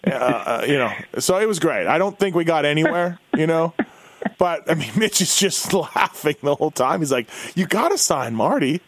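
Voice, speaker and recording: A man's voice: a little high, animated, moderate pace, dry recording. A man co-hosting a casual motorsports podcast, telling a long rambling story and acting out what people said. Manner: rambling storyteller, acts out quotes. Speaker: podcast co-host. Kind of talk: casual chat.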